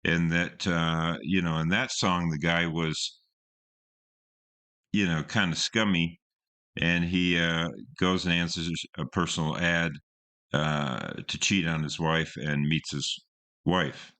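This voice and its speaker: Very deep-voiced man rambling about songs. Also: steady tone, takes it slowly, sharp tone, clear, resonant tone. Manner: rambling, with many fillers and restarts. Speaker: host reviewing songs. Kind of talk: casual commentary.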